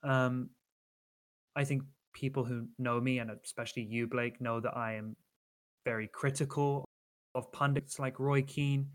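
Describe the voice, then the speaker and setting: A man co-hosting a football chat in a mid-pitched everyday voice. He talks earnestly and critically, circling back with restarts and fillers. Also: flat delivery, measured pace. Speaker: podcast co-host.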